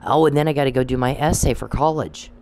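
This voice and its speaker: A man's voice: mid-range voice, fast, heavy background noise. A man talking in a casual monologue, blunt, emphatic and full of swearing. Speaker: commentator.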